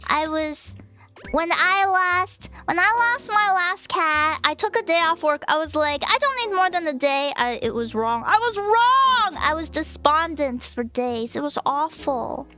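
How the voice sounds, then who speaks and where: A woman's voice: high voice, a little slow, sharp tone, soft background music. A young woman streamer in casual chat with her viewers, reading their messages aloud and chatting back with big swings in tone.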